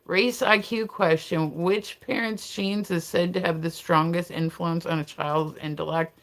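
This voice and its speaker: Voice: mid-range voice, measured pace, hardly any pauses, fairly bright tone. Livestream host, loose and rambling, heavy on fillers, laughs often. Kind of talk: casual livestream chat.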